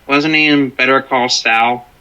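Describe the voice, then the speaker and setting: A man joining a casual movie discussion as a guest, giving relaxed, brief replies. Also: medium pitch, a little slow, clean tone, poor audio. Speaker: co-host guest.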